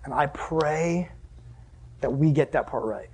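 A young man preaching a sermon as a youth pastor, animated, acting out scenes and asking the audience questions. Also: a little high, slow pace, breathy edge. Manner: animated, acts out scenes with sudden exclamations and laughs.

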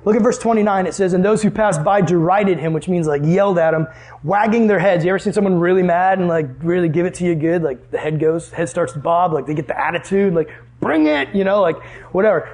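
High-voiced man teaching a Bible class. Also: fast. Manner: animated, asks the class questions. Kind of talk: Bible lesson to a group.

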